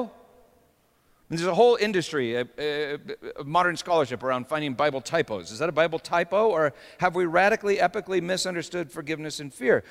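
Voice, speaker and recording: A man preaching a sermon with dramatic swings between hushed storytelling and sudden shouts. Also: fairly high pitch, vocal fry. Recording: long reverb of a large hall.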